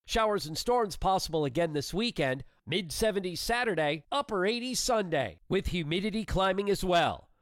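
A man reading a scripted radio weather forecast in a crisp manner. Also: high voice, no echo, clean studio sound. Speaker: meteorologist.

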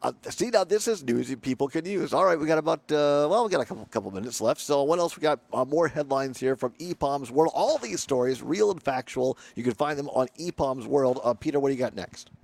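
A man's voice: mid-range voice, a little fast, gravelly, few pauses, no echo. A man hosting a radio show, chatting casually with a guest and joking through his sign-offs. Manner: jokey, energetic sign-offs. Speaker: radio host.

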